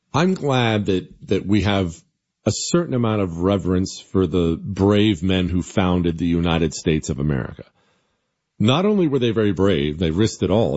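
Male talk radio host, mocking and sarcastic, lively swinging delivery, slightly dull lo-fi sound. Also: sits low. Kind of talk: opinionated talk radio monologue.

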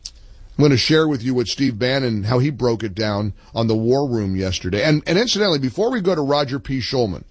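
An older man hosting a political talk radio show, delivering an emphatic monologue that swings between low asides and high outbursts. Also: animated, a little fast, husky, no room sound.

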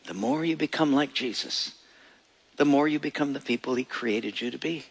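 A man's voice: mid-range voice, moderate pace, vocal fry, husky. A male pastor giving a sermon with folksy jokes and emphatic, storytelling delivery.

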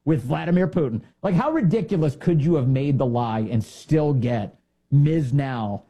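A man delivers sarcastic political commentary, mocking and animated. His voice is mellow and dark, with a husky edge. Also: mid-range voice, measured pace, lo-fi sound. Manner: mocking, animated, mimics others in silly voices. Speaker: commentary show host.

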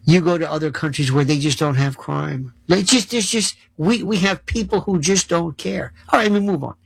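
Gravelly sarcastic male commentator. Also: on the high side, moderate pace, no room sound, low-quality recording. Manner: sarcastic, rattles off lists of issues. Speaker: political commentator. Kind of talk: monologue commentary.

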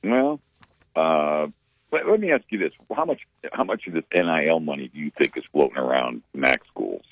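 A man's voice: rumbling low, big pitch swings, moderate pace, no echo. A man chatting casually about college football, rambling with many fillers. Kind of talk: casual sports chat. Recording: dull radio audio.

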